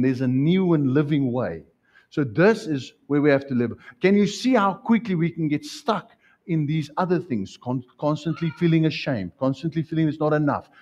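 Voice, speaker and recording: Brief: male pastor, animated sermon, husky tone, muffled church recording. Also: on the high side. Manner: animated, acts out scenes, rhetorical questions.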